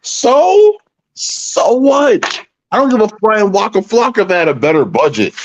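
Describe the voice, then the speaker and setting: A man's voice: high-pitched, sing-song, unhurried, slight background noise. A man co-hosting a casual podcast, teasing and needling his partner with dry put-downs. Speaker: podcast co-host. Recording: dull lo-fi sound.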